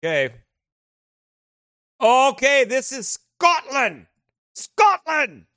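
A man with a strikingly high, bright voice tells casual stories while flipping through his photos. He is animated, laughs often, and the sound is dry and close. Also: a little slow, dry recording. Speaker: vlogger showing travel photos. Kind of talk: casual storytelling.

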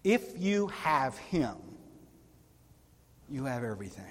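A male pastor preaching a sermon in a church, earnest and emphatic, with long pauses. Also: mid-range voice, very animated, a bit bright. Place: church sanctuary. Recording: reverberant church hall.

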